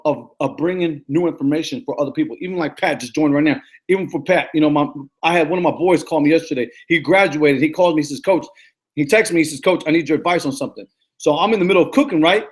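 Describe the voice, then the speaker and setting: A man in his thirties, a life coach giving a casual, energetic motivational talk that repeats its points and often stumbles and restarts. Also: fairly high pitch. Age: 30s. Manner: energetic, repetitive, preachy pep talk.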